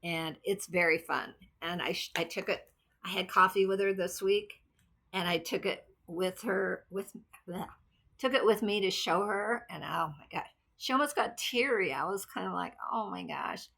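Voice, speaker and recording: A woman's voice: fairly low pitch, moderate pace, vocal fry, fairly bright tone. A woman vlogger chatting casually about her cross stitch projects, rambling and thinking aloud as she goes. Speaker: craft vlogger. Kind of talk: casual chat.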